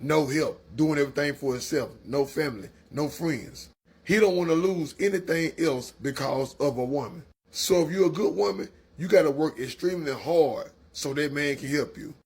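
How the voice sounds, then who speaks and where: A man's voice: fairly high pitch, normal speed, a little mellow, breathy edge. A man giving a preachy opinion monologue, lecturing in colloquial speech. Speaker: commentator.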